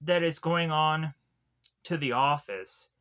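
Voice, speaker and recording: Man, film reviewer, casual plot recap, rambling, filler-heavy, forceful bright tone. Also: fairly high pitch, slow pace, highs cut off. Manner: rambling, heavy use of "like" and restarts.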